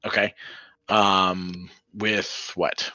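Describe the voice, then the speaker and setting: A man's voice: low-pitched, flat delivery, drawn-out words, sharp tone, no room sound. A man running a tabletop game as game master, rambling with many fillers.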